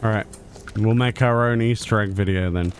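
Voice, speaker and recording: A man's voice: fairly low pitch, fairly even intonation, moderate pace, slight background noise. A man giving casual commentary while streaming a game, with wry, self-mocking asides. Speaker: gameplay streamer. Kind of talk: casual let's-play commentary.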